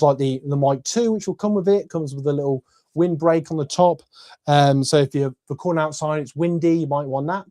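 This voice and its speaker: This camera review comes from a man's bedroom, delivered in a relaxed, excited way with plenty of filler words. He speaks on the high side with a dark tone, and his voice sounds a bit worn out.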